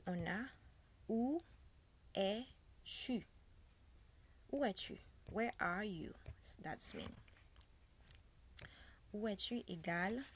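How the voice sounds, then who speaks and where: A French-accented woman teaching basic French in a relaxed lesson, spelling words letter by letter and repeating them. Her voice is low and gravelly, and she speaks very slowly. Faint background noise sits behind her. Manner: slow, repeats and spells out words, code-switching.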